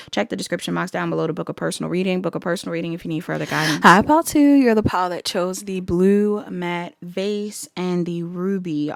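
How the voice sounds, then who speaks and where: A woman's voice: on the low side, no echo, studio quality. A woman giving a casual pick-a-card tarot reading to her viewers, chatty, laughing easily and thinking aloud as she goes. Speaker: tarot reader.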